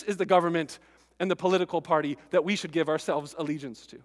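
A male pastor preaching a sermon, earnest and stirring, with relaxed conversational asides to the congregation. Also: on the high side, fast talker, in a large hall.

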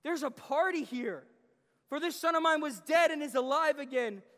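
A man with a very high voice preaches a guest sermon in a church sanctuary. He delivers it with animation, voicing the father's lines as he tells the story. The sound carries the long reverb of the hall. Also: normal speed, fairly bright tone.

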